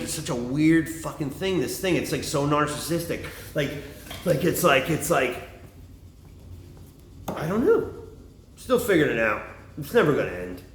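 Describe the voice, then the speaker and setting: A man's voice: on the high side, lively intonation, normal speed, slight background noise. A man vlogging in a casual, rambling monologue, swearing often and full of fillers. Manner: rambling, profane, lots of fillers. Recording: roomy echo, faint ambience.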